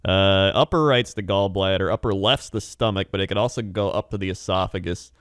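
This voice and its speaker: A man's voice: sits low, fairly quick, fairly bright tone, smooth, no echo, clean studio sound. A young man co-hosting a podcast in casual chat, telling rambling stories with frequent laughs and acted-out quotes. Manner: rambling storyteller, laughs often, acts out quotes. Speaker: podcast co-host.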